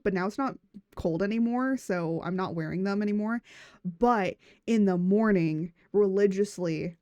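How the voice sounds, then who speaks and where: A woman's voice: medium pitch, darkish tone, no room sound. A woman streaming as a VTuber, chatting casually, giggling and rambling as she restarts her words. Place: room at home.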